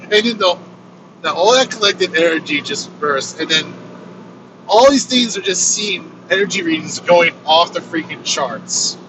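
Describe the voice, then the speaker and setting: High-voiced man telling a story in a car. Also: normal speed. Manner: animated, swears freely, acts out quoted lines. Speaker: vlogger telling his own story. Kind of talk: casual storytelling. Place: inside a moving vehicle on a road trip. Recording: road noise from a moving vehicle.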